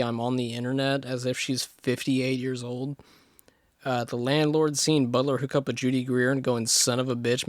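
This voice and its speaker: A man's voice: medium pitch, no echo, clean studio sound. A young man hosting a casual film podcast, joking and self-deprecating, laughing often. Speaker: podcast host. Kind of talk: casual film review banter.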